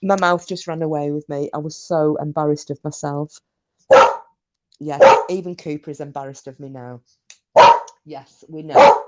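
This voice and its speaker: A woman's voice: low voice, steady tone, unhurried, darkish tone. Chatty woman telling stories. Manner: chatty, swears freely, self-mocking. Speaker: live-stream host. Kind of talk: casual chat and storytelling with viewers.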